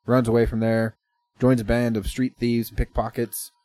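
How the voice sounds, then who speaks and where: A man's voice: medium pitch, level tone, moderate pace, dark tone, no echo. A man chatting casually as a podcast co-host, rambling through movie plots, laughing often and swearing freely. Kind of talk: casual chat.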